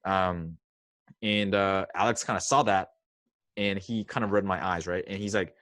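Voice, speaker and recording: A young man, a podcast guest, tells a story in a chatty, self-mocking way, full of fillers and acted-out quotes. His voice sits on the low side. The sound is dry and close. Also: fairly even intonation, normal speed, fairly bright tone, no room sound. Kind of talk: casual storytelling.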